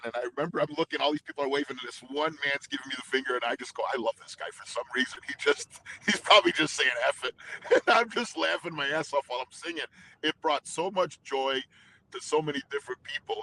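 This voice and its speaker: A man's voice: mid-range voice, pushed and bright, low-quality recording. A middle-aged man, a singer being interviewed, telling stories intensely with many restarts. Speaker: guest singer. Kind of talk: casual interview talk.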